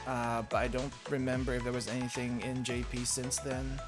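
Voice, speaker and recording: With a completely flat delivery at a moderate pace, a young gaming streamer in a medium pitch chats casually as he plays. He rambles, corrects himself and laughs frequently against game music.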